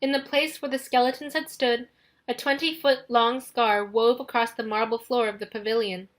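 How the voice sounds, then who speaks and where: A woman narrating an audiobook in the first person, in a steady, dramatic storytelling manner. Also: fairly high pitch, normal speed.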